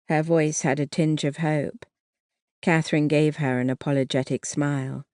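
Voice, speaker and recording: Audiobook narrator, slow pace, measured reading, dry close sound. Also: mid-range voice, fairly even intonation, darkish tone, clean tone, dry recording.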